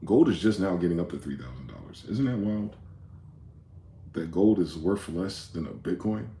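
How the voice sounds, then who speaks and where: A man's voice: low-pitched, expressive, normal speed, dark tone, reverberant, a little hiss or hum. A man hosting a rambling late-night monologue, profane and conspiratorial in tone, with many asides. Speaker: host.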